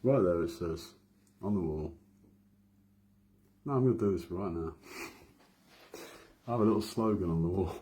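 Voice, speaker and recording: A Midlands man in his thirties records a late-night vlog at home, his deep, dark voice unhurried and broken by frequent pauses. He meanders through the monologue, poking fun at himself along the way.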